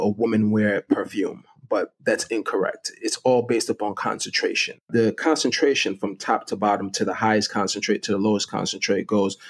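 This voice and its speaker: Low-voiced man explaining with enthusiasm. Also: slightly rough. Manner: enthusiastic, explanatory, laughs often. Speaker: guest fragrance connoisseur. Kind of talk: casual interview.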